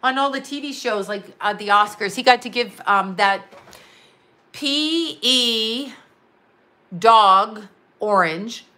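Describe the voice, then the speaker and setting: A middle-aged woman ranting on a livestream, rambling, profane and animated as she talks straight to her viewers. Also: mid-range voice, measured pace. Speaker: psychic medium and astrologer. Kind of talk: livestream rant.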